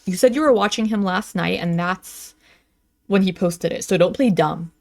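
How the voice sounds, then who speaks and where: A woman giving animated, sarcastic reaction commentary while reading text messages aloud. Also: lowish voice, normal speed, dry recording. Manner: animated, sarcastic, reads texts aloud in mock voices.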